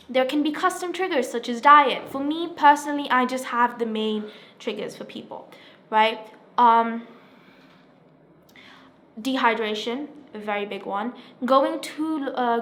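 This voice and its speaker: A sixteen-year-old girl speaking earnestly and haltingly about her own experience, often checking in with "right?". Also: high-pitched, fairly bright tone. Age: teenager, 16. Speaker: self-help vlogger sharing her experience. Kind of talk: personal testimony to camera.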